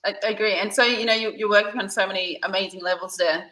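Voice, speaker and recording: An enthusiastic woman hosts a casual interview and reads out viewer comments. Her tone is bright and forward. The sound is roomy and echoey. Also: medium pitch, steady tone, quick pace. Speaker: host. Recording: echoey room.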